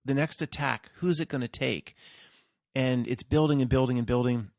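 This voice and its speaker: A man's voice: mid-range voice, moderate pace, darkish tone, no room sound, studio quality. A man hosting his own video, talking in a rambling, casual monologue and often checking in with his listeners. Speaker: video host.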